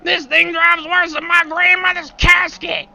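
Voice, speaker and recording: A man voicing a bitter, vengeful seventy-year-old grandpa who shouts angry complaints. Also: very high-pitched, flat delivery, measured pace, gravelly, pitched above the performer's own voice, full character voice. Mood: furious.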